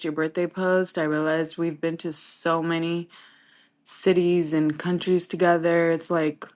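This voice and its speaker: A woman leaving an affectionate birthday voicemail for her best friend, speaking in a measured way. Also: lowish voice.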